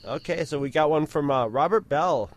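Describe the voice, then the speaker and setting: A man's voice: a little high, normal speed. Casual man reading listener mail. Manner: rambling, self-correcting. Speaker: podcast co-host.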